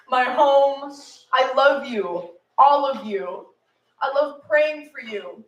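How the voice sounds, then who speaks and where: A woman's voice: high-pitched, fairly bright tone. A woman performing a tender, earnest love poem at a cafe open mic. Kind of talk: live poetry reading. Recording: echoey room, mic far off.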